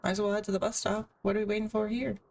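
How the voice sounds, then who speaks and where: A woman's voice: mid-range voice, flat delivery, racing, darkish tone, recorded from a distance, slight background noise. A woman streamer reading a visual novel aloud, with casual asides between the narration.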